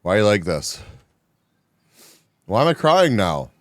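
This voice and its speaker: Man, live streamer, casual chat, animated, laughing, slow, dry close sound. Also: on the low side, no room sound. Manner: animated, reactive, laughs often. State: groggy after just waking.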